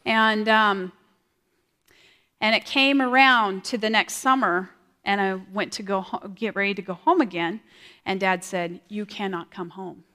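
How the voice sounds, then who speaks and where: A woman sharing a personal testimony in a large hall, earnest and halting, often repeating her words. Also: medium pitch, sharp tone. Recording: long hall reverb.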